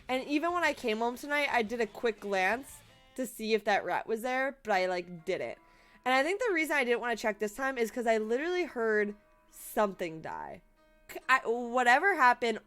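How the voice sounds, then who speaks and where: A young woman in her twenties telling a story to camera in a casual vlog, animated and swearing, often breaking into laughter. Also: on the high side. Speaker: vlogger.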